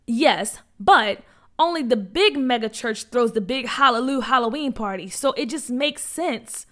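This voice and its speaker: A woman voicing a bold, bossy girl ringleader who talks loudly and rushes her words. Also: on the high side, animated. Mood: excited. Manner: loud, exclamatory, rushing.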